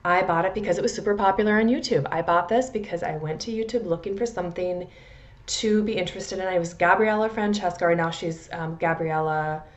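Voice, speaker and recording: A woman's voice: fairly low pitch, brisk, muffled recording. An American woman from the Midwest with a Midwestern accent, chatting casually and rambling a little as she reviews perfumes. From Midwest USA. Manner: chatty, rambling, self-deprecating, frequent restarts. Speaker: perfume vlogger.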